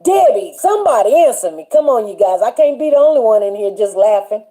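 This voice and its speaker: A woman hosting a relaxed faith-themed livestream who talks in an animated, chatty way and laughs often. Her voice sits high but sounds warm and mellow rather than bright. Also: quick pace. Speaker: livestream show host. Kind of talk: casual faith chat with a live chat.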